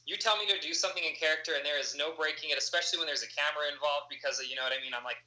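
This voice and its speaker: Fast-talking, bright-voiced man. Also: fairly high pitch, poor audio. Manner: rambling, halting with restarts. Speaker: interview guest. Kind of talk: animated storytelling.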